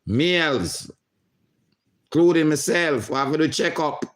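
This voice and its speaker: A middle-aged man hosting a livestream, reading viewer comments aloud in a slow, emotional way. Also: on the high side, animated. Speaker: livestream host.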